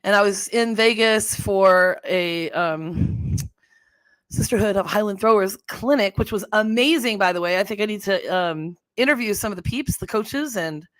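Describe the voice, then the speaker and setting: A middle-aged woman chats casually on a livestream, rambling and laughing as she goes. Her voice sits at an ordinary pitch and sounds close and dry, with no room around it. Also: moderate pace, dry recording. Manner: chatty and rambling, laughs often, fumbles with settings. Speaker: livestream host.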